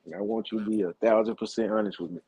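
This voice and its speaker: A man's voice: on the low side, flat delivery, very fast, breathy edge, highs cut off. A man co-hosting a casual podcast, reacting to a friend's story with teasing follow-up questions. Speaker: podcast co-host. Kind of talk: casual chat, asking questions.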